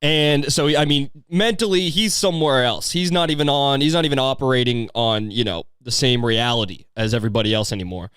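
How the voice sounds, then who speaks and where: A man's voice: mid-range voice, brisk, hardly any pauses, a bit bright, clear, resonant tone, no echo, studio quality. A man hosting a podcast, riffing on a video in rambling, profane, sardonic casual commentary. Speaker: podcast host.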